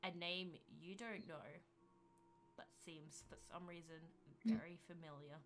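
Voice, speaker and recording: A woman running a tabletop game as game master, narrating the scene in a measured storytelling way. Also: lowish voice.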